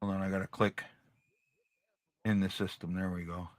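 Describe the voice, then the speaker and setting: A man's voice: sits low, little pitch movement, normal speed, dry recording, studio quality. A man hosting a casual hockey livestream, chatting to his viewers and repeating himself as he talks. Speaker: hockey podcast host.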